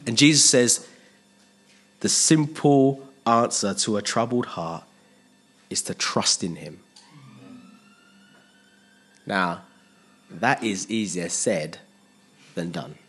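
A man's voice: fairly low pitch, slow, long pauses. A man preaching a sermon as pastor, earnest and emphatic, repeating phrases and asking the congregation rhetorical questions.

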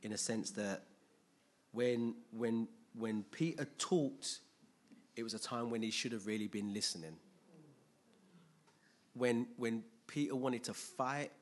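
A man preaching a sermon, retelling a story with lively, jokey slang asides. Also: fairly low pitch.

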